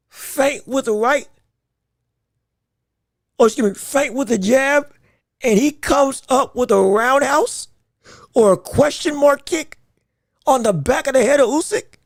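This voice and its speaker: A man hosting a casual boxing podcast. He talks in an animated way, laughs a lot and often repeats his words. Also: very high voice, creaky, no echo, clean studio sound. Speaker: podcast host.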